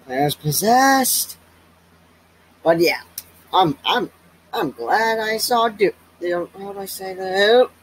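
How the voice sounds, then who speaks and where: A man giving casual, excitable reaction commentary, laughing often and thinking aloud. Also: high voice, takes it slowly, pauses often, slight background noise, poor audio. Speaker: reaction video host.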